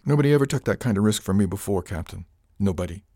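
A man's voice: lowish voice, expressive, quick pace, warm tone, slightly rough, no room sound, studio quality. A man voicing an eager, loyal young woman crew member, earnest and determined, in an audiobook.

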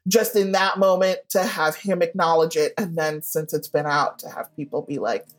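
A woman telling a story in a casual interview, talking chattily with lots of "like" and animated quoted asides. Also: low-pitched, moderate pace. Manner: chatty, heavy use of "like", animated quoting. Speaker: guest writer.

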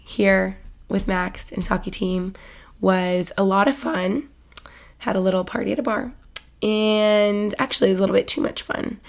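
A young woman hosting her own podcast, chatting casually and gushing, with lots of "like"s and asides dropping to a whisper. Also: medium pitch. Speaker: podcast host. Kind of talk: casual solo chat.

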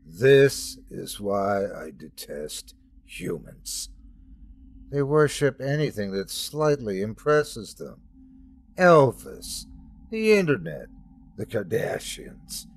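Man voicing God, domineering, jealous, mocking, slow delivery, swooping pitch. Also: sing-song, heavily acted. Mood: scornful. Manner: scornful, mocking rants.

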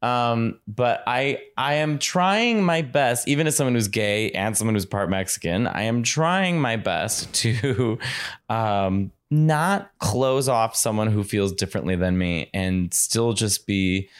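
A man with a Chicago accent talks as a podcast guest. His voice sits low, and he chats eagerly and at length. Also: slow pace, smooth. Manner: animated, talkative. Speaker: comedian guest. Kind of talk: casual chat.

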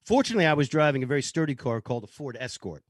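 A man, a co-host, relaxed and chatty as he tells a personal anecdote. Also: medium pitch, very fast, no room sound, studio quality. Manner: laid-back anecdote teller. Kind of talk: casual chat.

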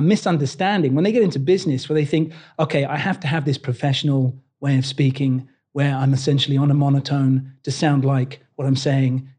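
A man's voice: on the high side, warm tone. A British man, a body language coach, talking in an interview and acting out quoted lines with animation. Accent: British English. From Britain. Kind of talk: conversational interview.

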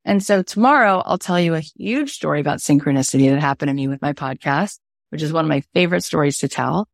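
A woman podcast coach giving an online workshop, telling stories with lively acted-out quotes and ending on an earnest inspirational note. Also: sits low, quick pace, gravelly, no echo, studio quality. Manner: animated storyteller, acts out quoted voices. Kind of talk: motivational online workshop talk.

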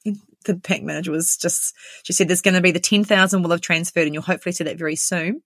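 Her voice is lowish and fairly bright with fairly even intonation, captured in studio quality with no room sound. An interviewee from New Zealand, she candidly and quickly retells a personal ordeal, voicing everyone involved through quoted dialogue.

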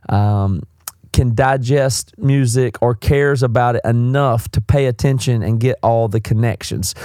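A man's voice: mid-range voice, a little mellow, dry recording. Rambling Southern man with a dry close sound. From South Carolina, US. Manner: rambling, candid, self-correcting. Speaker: podcast host. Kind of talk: casual commentary answering listener questions.

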